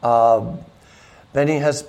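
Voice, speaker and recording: Gravelly-voiced man telling stories. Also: slow pace. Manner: animated storyteller, raises pitch to imitate others. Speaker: musician guest. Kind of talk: casual chat.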